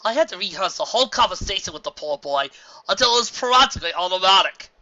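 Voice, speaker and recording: A woman voicing a grown mare coworker from a storybook, talking in an amused, gently chiding way. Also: medium pitch, animated, fast, pitched above the performer's own voice. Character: adult mare, a gossiping coworker, warm and amused. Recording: dull lo-fi home recording.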